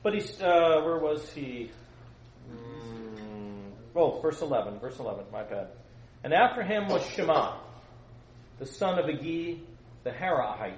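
A man preaching in an echoey church hall, with a lively, swooping voice pitched a little high. He jokes with the young people listening and swings from loud outbursts to quiet asides. Faint room noise hangs behind him. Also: measured pace. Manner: animated, joking, swings between loud and soft. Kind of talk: sermon to a youth congregation.

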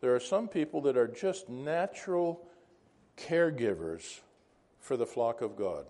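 Brief: male Bible teacher, casual and chatty, mid-pitched voice, quizzes the room. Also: lively intonation, a little slow, warm tone. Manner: conversational, asks the class questions, wanders into asides. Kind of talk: informal Bible class teaching.

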